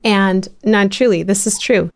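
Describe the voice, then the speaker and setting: A middle-aged woman hosting a podcast, telling a story in lively, animated bursts full of restarts. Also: mid-range voice, a little slow. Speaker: podcast host. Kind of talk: casual interview chat.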